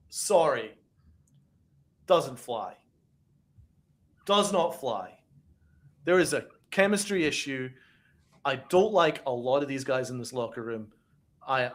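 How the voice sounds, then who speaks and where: A man's voice: a little high, a bit bright. A man co-hosting a live basketball talk stream, ranting emphatically and mocking players. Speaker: podcast co-host. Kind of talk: heated sports talk.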